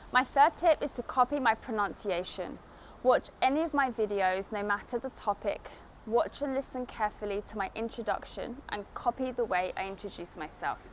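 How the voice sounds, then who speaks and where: A fairly high-voiced woman with an estuary London accent gives an English lesson straight to camera, speaking clearly and deliberately. She is recorded outdoors, with faint ambient noise behind her. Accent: South East England estuary London. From England. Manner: clear, deliberate teaching delivery. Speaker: English teacher. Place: outdoors in a city.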